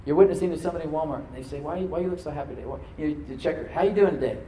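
A man preaches to his congregation in an easy, conversational way, now and then sinking into a soft, prayerful hush. His voice is mellow and a little distant from the mic. The roomy church echo carries every word, with a faint hum of ambience behind him. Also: on the high side, racing. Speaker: pastor. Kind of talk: sermon. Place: church sanctuary.

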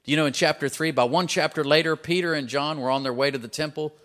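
A man preaching a sermon, telling stories and acting out his characters in a raised voice, building to loud, emphatic peaks. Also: fairly even intonation, fast talker. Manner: acts out quoted characters in a higher voice. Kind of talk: sermon with storytelling.

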